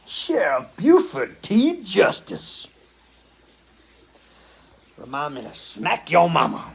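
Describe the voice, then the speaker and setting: A gruff old sheriff barks out his lines in a slow, drawn-out drawl. The voice sits noticeably high and slightly away from the mic, put on by a man. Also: wildly swooping pitch, exaggerated voice. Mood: blustering. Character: blustering gruff Southern sheriff, older man.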